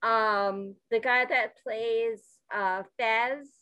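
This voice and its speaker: Bright-voiced playful woman, slow delivery. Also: on the high side, smooth, no room sound. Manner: playful, excitable, exclaims often. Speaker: podcast co-host. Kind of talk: casual comedic chat.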